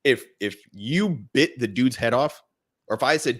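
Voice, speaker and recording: A man co-hosting a podcast in casual chat, animated and acting out what other fathers say. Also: mid-range voice, moderate pace. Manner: animated, acts out quoted lines. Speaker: podcast co-host.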